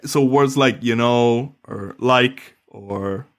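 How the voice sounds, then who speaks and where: Animated, laughing podcast co-host man. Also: slow pace. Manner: animated, laughs often, rises in pitch when excited. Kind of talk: casual chat.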